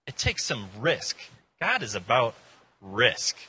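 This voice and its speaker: Guy preaching a laid-back sermon, lively pitch, kinda husky. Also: slow pace. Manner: informal, joking, animated. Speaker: pastor. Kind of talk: casual sermon.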